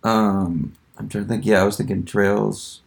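A woman in casual chat with friends, relaxed and agreeable, adding short replies. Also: rumbling low, normal speed, creaky, a loud crowd. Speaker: friend in conversation.

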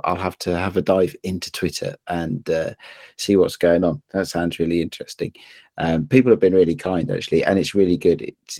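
A man chatting casually as a podcast co-host, halting with frequent restarts. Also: low-pitched, vocal fry, a little mellow, slightly rough, no echo, clean studio sound. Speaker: podcast co-host and zine publisher. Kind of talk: casual chat.

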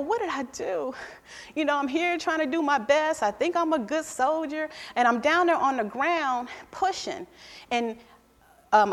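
A middle-aged woman preaching a sermon and telling a personal story, swinging between loud emphatic bursts and hushed, quiet passages. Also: on the high side. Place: church hall. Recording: long hall reverb in a church.

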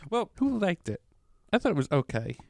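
A man's voice: high-pitched, very animated, creaky, a little mellow, no room sound, studio quality. A man hosting a casual movie review podcast, teasing his co-hosts as he talks. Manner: jokey, quick to tease. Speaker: podcast host.

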